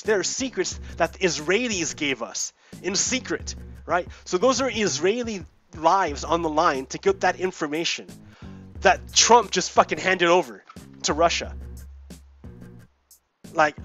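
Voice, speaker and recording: Let's-play host, male, slightly high voice, heated and repetitive casual rant with swearing. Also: expressive, unhurried, fairly bright tone, soft background music. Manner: heated, profane, repeats himself. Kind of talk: casual political rant while gaming.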